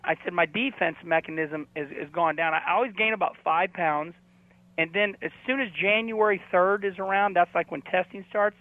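A man's voice: high-pitched, moderate pace, dry recording. A man who is a race car driver, chatting as a radio guest in a rambling, jokey way full of "you know," over the phone. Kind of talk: casual phone-in chat. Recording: tinny phone line.

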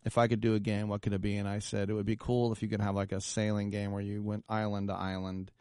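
A man hosting a radio talk show, telling an animated, self-deprecating story in casual chat. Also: lowish voice, quick pace, smooth, no echo, clean studio sound.

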